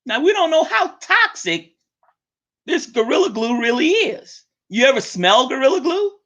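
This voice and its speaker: A woman delivers a profane, blunt monologue as the host of her own show. Her voice is forceful and bright, with sudden leaps in pitch. The recording sounds dull and lo-fi. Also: normal speed. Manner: blunt, swearing freely, animated swings in pitch.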